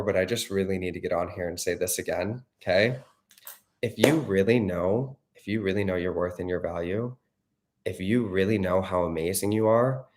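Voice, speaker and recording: A man giving a direct-to-camera motivational talk as a relationship coach, blunt, profane and emphatic, often checking in with "okay?". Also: on the low side.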